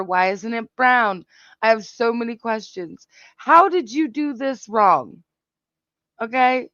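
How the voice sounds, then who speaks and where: A woman's voice: medium pitch, dry recording. A woman hosting a casual reaction chat, giggly, profane and exclamatory. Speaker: host reacting to clips. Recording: dull, dry lo-fi sound.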